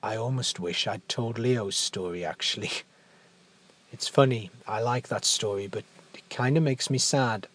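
A man narrating a fairy tale in a gentle, unhurried storytelling manner. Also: on the low side.

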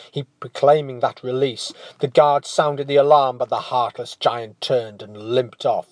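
A man narrating a storybook tale in a hushed, dramatic manner that often drops to a whisper. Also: on the low side, no echo.

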